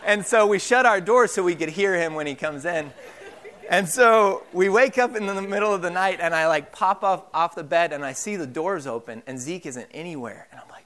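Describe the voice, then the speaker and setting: A young man preaching with a high, smooth voice. He talks casually, full of fillers and restarts, like a pastor telling stories. The voice stays clear throughout. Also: a bit bright. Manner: casual storytelling with frequent fillers. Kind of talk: sermon.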